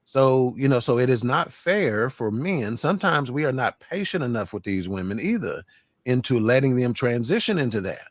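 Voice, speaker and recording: A man's voice: mid-range voice, very animated, normal speed, no echo. A man hosting a casual panel discussion on a live stream, moderating with jokey asides. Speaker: host.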